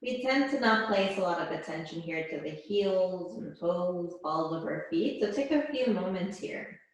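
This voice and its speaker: Calm woman yoga teacher, echoey room. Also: fairly low pitch. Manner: slow, calm, soothing cues with pauses. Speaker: yoga instructor. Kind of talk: guided yoga class instruction.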